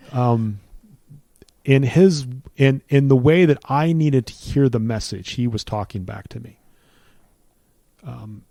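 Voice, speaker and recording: Earnest middle-aged man, mellow voice. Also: medium pitch, expressive, takes it slowly, vocal fry, pauses often, dry recording. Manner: earnest, preacherly build-ups with repeated phrases. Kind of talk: personal testimony in conversation.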